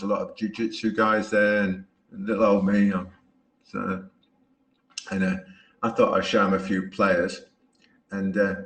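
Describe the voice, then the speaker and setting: A man's voice: fairly low pitch, a bit bright. Laughing, chatty male podcast host. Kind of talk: casual podcast conversation. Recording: roomy echo.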